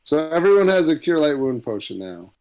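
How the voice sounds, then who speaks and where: A man's voice: a little high, big pitch swings, brisk, a little mellow. A man playing a tabletop game, bantering playfully and crudely. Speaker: player. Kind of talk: casual tabletop game chat.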